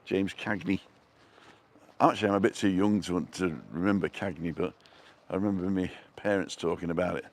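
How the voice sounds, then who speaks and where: A man's voice: sits low, steady tone, fairly quick. A middle-aged man live-streaming a walking tour outdoors, chatting and greeting viewers by name from a handheld phone. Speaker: vlogger. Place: outdoors on town streets.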